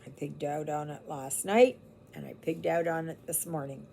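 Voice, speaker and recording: A woman's voice: deep voice, moderate pace, gravelly, a little mellow, a little hiss or hum. A woman from Canada chatting casually to her viewers at home, rambling and laughing easily. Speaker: cross-stitch vlogger.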